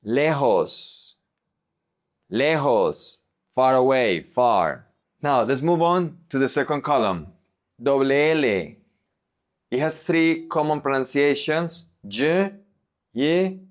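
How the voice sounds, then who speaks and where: A man teaching a pronunciation lesson, saying each word twice and then giving its meaning. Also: mid-range voice. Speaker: Spanish teacher.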